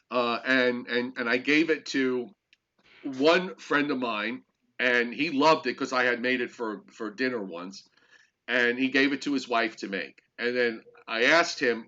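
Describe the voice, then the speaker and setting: Bright-voiced older man, animated storyteller. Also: medium pitch. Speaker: co-host. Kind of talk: casual chat. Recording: dull lo-fi sound.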